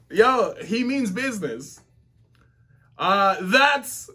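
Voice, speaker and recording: A man giving casual, excitable, slang-filled reaction commentary as a webtoon reactor. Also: sits high, a little slow.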